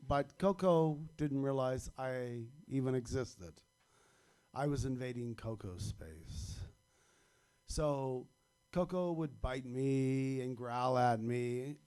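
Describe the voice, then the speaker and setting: A man's voice: medium pitch, mellow. A man telling a darkly comic personal story on stage at a live storytelling event, wry and chuckling at his own punchlines.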